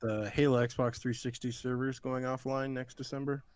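Relaxed man co-hosting a podcast. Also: medium pitch, normal speed, dry recording. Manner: relaxed storyteller, heavy with fillers. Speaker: podcast co-host. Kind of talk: casual chat.

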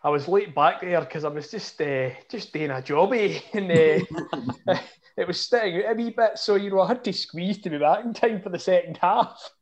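A man's voice: sits high, moderate pace, muffled recording. A Scottish man co-hosting a casual football podcast in easygoing chat. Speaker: podcast co-host.

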